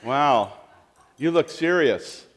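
A man leading a children's sermon as pastor in a church, gentle and lively, asking the kids questions with frequent restarts. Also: a little high, slow. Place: church sanctuary.

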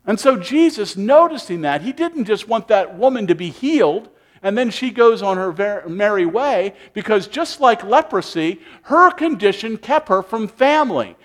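A man preaching a sermon, animated, acting out people's inner voices with sighing asides. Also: high voice, moderate pace. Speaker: pastor.

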